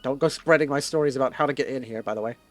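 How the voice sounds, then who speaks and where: A man voicing a cranky, suspicious old witch woman who talks in a gruff, scolding way, in a tabletop game. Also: medium pitch, very fast, natural voice. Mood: impatient.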